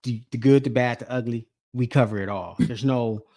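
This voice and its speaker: Male co-host, mid pitch, agreeable chime-ins, casual. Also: normal speed, dark tone. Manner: agreeable, chiming in with short affirmations. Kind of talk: casual chat.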